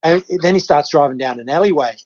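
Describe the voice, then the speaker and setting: A man's voice: fairly high pitch, fast, darkish tone, highs cut off. An Australian man in his fifties from Western Australia, telling stories casually as a podcast guest, swearing freely. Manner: laid-back, swears freely, acts out his own reactions. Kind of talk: casual storytelling.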